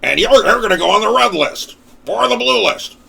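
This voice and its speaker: A man putting on the voice of a paranoid, blustering male conspiracy talk-show host, with a raspy, gravelly sound. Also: high-pitched, expressive, moderate pace, bright, forceful tone, voice pushed up, full character voice. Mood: mocking.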